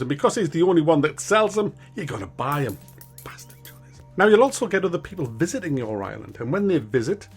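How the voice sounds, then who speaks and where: A man's voice: mid-range voice, slightly rough. A man giving a casual video game review, rambling, swearing freely and poking fun at himself. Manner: rambling, profane and self-mocking.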